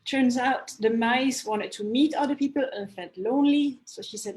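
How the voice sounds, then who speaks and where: A woman coach chatting on a podcast, telling a client story with animated quoted voices. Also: a little high, normal speed, hardly any pauses, a little hiss or hum, low-quality recording. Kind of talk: casual podcast conversation. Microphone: podcast mic, online call.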